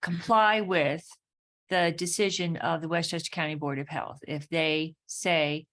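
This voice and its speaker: Slow, careful woman on a town board. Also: deep voice, steady tone, fairly bright tone. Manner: careful, deliberate. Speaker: planning board member. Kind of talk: meeting discussion. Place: town meeting room.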